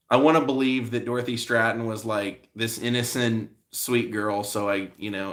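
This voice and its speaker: A man's voice: on the low side, fairly bright tone. A man hosting a casual live stream, rambling along with lots of fillers as he answers viewers' comments.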